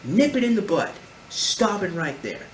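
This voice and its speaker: A man's voice: sits high, sing-song, normal speed. A man giving reaction commentary in an emphatic, lecturing way, repeating his points. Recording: roomy echo, faint background noise.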